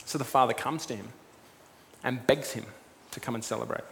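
A man's voice: mid-range voice, brisk, creaky. Man preaching in an echoing church. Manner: animated storytelling, acting out the figures' lines in the story. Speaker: pastor. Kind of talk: sermon. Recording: long reverb with faint room noise.

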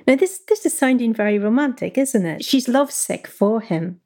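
A woman's voice: a little high, animated, normal speed, hardly any pauses, mellow. Woman historian explaining plainly. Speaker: historian guest. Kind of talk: explanatory interview talk.

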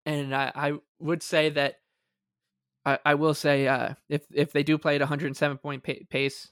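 A man co-hosting a sports podcast, talking in a measured, hesitant way. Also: a little high, little pitch movement, fairly bright tone, clear, resonant tone, no echo, clean studio sound. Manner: measured, hesitant, many fillers and restarts. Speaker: podcast co-host. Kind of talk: casual sports talk.

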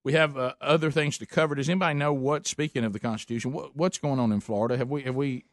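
A man's voice: medium pitch, fairly even intonation, fast, dry recording, studio quality. A man co-hosting a talk radio show, easygoing and folksy, rambling with restarts. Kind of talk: casual talk radio chat.

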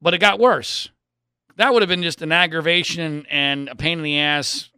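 A man, probably in his thirties, telling a personal story in an exasperated way, swinging between loud outbursts and low mutters. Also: steady tone, normal speed, clean tone, no room sound, studio quality.

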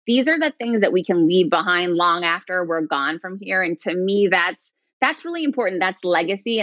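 A middle-aged woman, an author and podcast guest, telling stories in an animated way and acting out what others said. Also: fairly low pitch, dry recording. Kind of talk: conversational storytelling. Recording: dull lo-fi dry sound.

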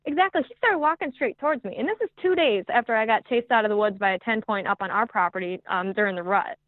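A woman guest telling a hunting story in a podcast chat, excitable and quick, with many fillers. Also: medium pitch, no echo. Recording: tinny phone-like line, dry.

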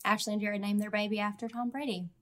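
A woman's voice: mid-range voice, level tone, fairly bright tone. Chatty woman guest on a podcast. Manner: chatty, playful, quick agreeing asides. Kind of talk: casual chat.

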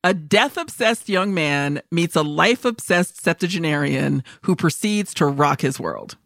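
A woman's voice: deep voice, lively intonation, measured pace, creaky, fairly bright tone, no echo, clean studio sound. A woman co-hosting a podcast about films, talking casually, laughing often and acting out lines in other voices. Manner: chatty, laughs often, acts out quotes. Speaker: podcast co-host. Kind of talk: casual film discussion.

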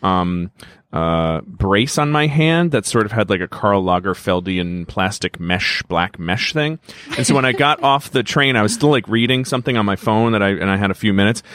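A man's voice: lowish voice, expressive, normal speed, a bit bright, no echo. A man co-hosting a podcast, telling rambling anecdotes in casual chat, with lots of fillers and restarts. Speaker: podcast co-host, digital director.

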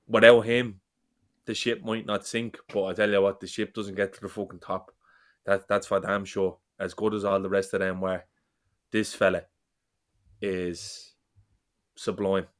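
A man holds forth in a casual football fan chat. His voice sits low and barely rises or falls, even as he gets passionate and rambling. He swears freely as he talks.

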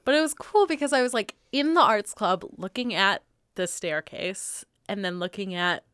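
A woman co-hosting a podcast in casual chat, chatty and quick to laugh. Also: medium pitch, a bit bright, clear, resonant tone, no room sound, studio quality. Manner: chatty, laughs often, lots of fillers. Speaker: podcast co-host. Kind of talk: casual chat about art.

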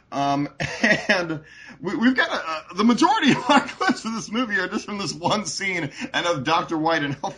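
A man's voice: a little high, very animated, normal speed, pushed and bright. A man co-hosting a podcast in casual chat, laughing often and gushing about a film. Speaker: podcast co-host.

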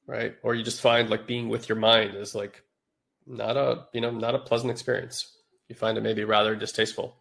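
A man's voice: on the low side, level tone, normal speed, gravelly, a bit bright. A man hosting a podcast, talking casually and rambling to a live chat audience, his voice nasal from a cold. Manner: rambling, informal, with frequent fillers. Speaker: podcast host.

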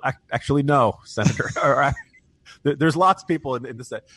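A man's voice: medium pitch, quick pace, a bit bright, husky, dry recording. Wry, chatty male political commentator. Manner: wry, chatty, laughs at own jokes, many restarts. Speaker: podcast co-host, political commentator. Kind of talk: casual political chat.

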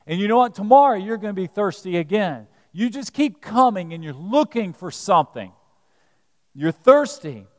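A preacher voicing a calm, all-knowing male teacher who speaks directly and gently confronts. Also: high-pitched, moderate pace. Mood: earnest. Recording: reverberant church hall.

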